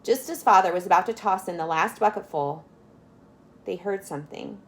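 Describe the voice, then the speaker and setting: Her voice is on the low side and her pace moderate, with a little hiss or hum on the recording. As a storyteller reading a children's chapter book, she offers kindly asides that explain words to young listeners.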